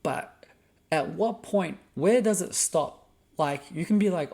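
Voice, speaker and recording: A man's voice: on the high side, moderate pace, gravelly, a little mellow. An Australian man hosting a podcast, delivering a heated, profane solo rant. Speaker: podcast host.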